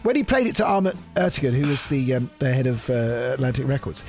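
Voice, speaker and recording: A man's voice: medium pitch, big pitch swings, fast, music in the background. A man hosting a podcast, chatting casually and laughing often. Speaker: podcast host. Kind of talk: casual chat.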